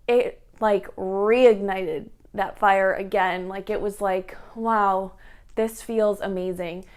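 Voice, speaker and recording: A woman's voice: mid-range voice, smooth. A young woman from the United States telling her own fitness story in a chatty vlog, full of "like" and "um". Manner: chatty, lots of fillers like "like" and "um". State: tearful at moments. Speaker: fitness vlogger. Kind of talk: personal vlog talk.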